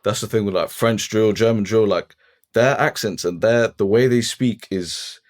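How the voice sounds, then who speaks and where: Low-voiced, laid-back young man. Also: normal speed. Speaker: podcast co-host. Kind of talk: casual chat. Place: studio.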